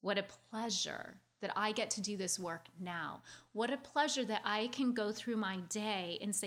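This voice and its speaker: A woman recounting her own childhood in a heartfelt, confiding talk. She speaks earnestly and at a quick clip, restarting phrases as she goes. Her voice sits at an ordinary middle pitch. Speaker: speaker sharing a personal story. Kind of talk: heartfelt personal storytelling.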